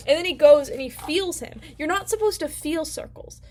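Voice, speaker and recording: A woman's voice: sits high, moderate pace, a little mellow. A woman casually recapping a book as a vlog host, playful and rambling with slang. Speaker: book vlogger.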